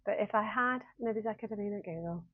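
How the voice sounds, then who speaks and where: A woman's voice: medium pitch, brisk, no echo. A woman in her fifties, a university lecturer, rambling casually in a talking-head vlog and often laughing at herself. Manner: rambling, chatty, self-deprecating with frequent laughs. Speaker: university lecturer in human-computer interaction. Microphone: phone camera. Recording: dry, phone-like narrow sound.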